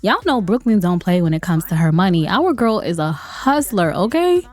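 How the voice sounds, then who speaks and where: A woman's voice: on the low side, big pitch swings, normal speed, a little mellow. A woman giving playful, chatty commentary over a life-sim game, laughing often. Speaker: let's play host. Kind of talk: gameplay commentary.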